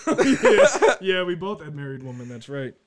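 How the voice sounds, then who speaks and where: A man's voice: fairly high pitch, wildly swooping pitch, measured pace, crowd noise. A man on a podcast trading crude jokes in casual banter and giggling often.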